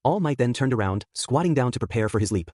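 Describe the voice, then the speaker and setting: A man's voice: mid-range voice, lively intonation, fast, a little mellow, no echo, clean studio sound. A man reading a fan fiction story aloud, narrating and voicing the characters. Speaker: fanfic narrator. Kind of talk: scripted narration with character voices.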